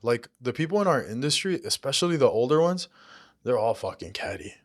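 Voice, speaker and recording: A man with an ordinary mid-range voice hosts a relaxed conversation. He talks bluntly, with plenty of swearing and "dude," as he tells his own story. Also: mid-range voice, fairly quick. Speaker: podcast host, mortgage coach. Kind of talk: casual chat.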